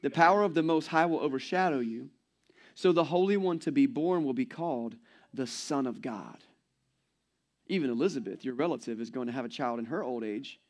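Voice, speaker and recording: A man's voice: mid-range voice, brisk. A man in his forties preaching a sermon as pastor, in a conversational, playful way and acting out quoted voices.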